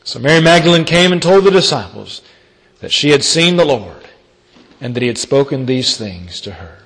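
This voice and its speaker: A man preaching a sermon, reading scripture and retelling it with dramatic storytelling and big swings in pitch and loudness. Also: lively intonation, moderate pace. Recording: long hall reverb.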